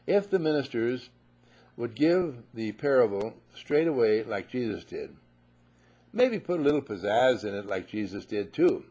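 A man preaches to a live audience in a husky voice of middle pitch, animated and quick to act out the people in his stories. The sound is a dull, lo-fi recording. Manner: animated, acts out voices, repeats "you see". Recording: muffled lo-fi recording.

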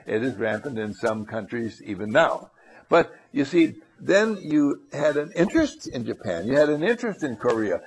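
A man giving a rambling anecdotal talk who often restarts his phrases and acts out characters. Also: medium pitch. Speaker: storyteller.

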